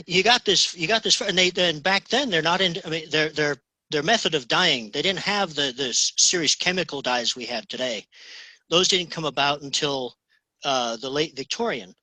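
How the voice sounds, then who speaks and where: Chatty man with a bright husky voice. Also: on the high side, normal speed, no echo, low-quality recording. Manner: rambling, many restarts, says "okay?" often. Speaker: guest, fly tier. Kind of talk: casual interview chat.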